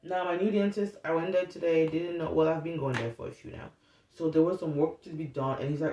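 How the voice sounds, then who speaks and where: Her low-pitched, warm voice stays fairly even in intonation as she talks briskly and candidly, rambling and swearing freely in an unscripted self-help vlog monologue. The audio is dull and roomy, recorded from a distant mic with faint noise.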